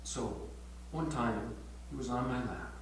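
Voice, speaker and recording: An older male pastor giving a retreat sermon, telling a tender story and often sinking to a hushed near-whisper. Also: medium pitch, lively intonation, unhurried. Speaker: pastor leading a prayer retreat. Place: retreat meeting room. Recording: echoey room from far off with faint hum.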